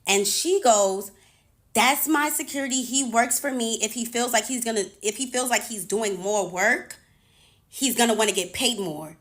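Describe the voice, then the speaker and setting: Young woman, casual storytime vlogger, exasperated and profane, lively retelling. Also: a little high, normal speed. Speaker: touring music artist.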